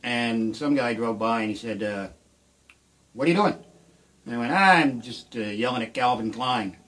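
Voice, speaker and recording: A middle-aged man doing rambling, deadpan stand-up storytelling on a live stream from his shed, with sudden shouted outbursts. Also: mid-range voice, moderate pace. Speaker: comedian and musician. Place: home shed.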